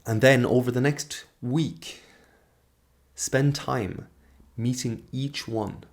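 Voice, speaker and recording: A man's voice: mid-range voice, takes it slowly. A man in his thirties giving a reflective monologue as host, earnest and searching, often trailing off and restarting. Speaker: podcast host.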